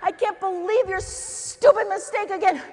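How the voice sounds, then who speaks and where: A woman playing an impatient, tall, thin male nursing instructor who hisses and yells at a student. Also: very high voice, normal speed, pitched above the performer's own voice. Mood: yelling. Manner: hissing whisper turning to furious yelling. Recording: echoey hall with faint noise.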